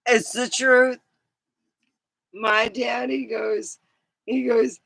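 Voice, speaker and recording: Bright-voiced, giggly middle-aged woman. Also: a little high, steady tone, slow, creaky, long pauses, no room sound. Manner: rambling, giggly, breaks into laughter. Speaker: vlogger. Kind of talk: casual storytelling.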